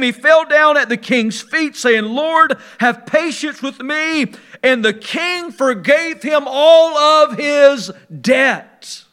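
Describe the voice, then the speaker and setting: Preacher guy, bright ringing voice, goes quiet then loud, drags words out slow. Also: extremely high pitch. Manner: swings from quiet musing to loud emphatic preaching. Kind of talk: sermon.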